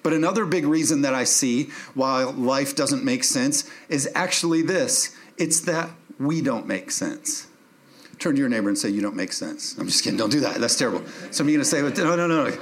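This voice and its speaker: A man's voice: mid-range voice, brisk. Man, pastor, sermon, emphatic preaching, humorous asides, church.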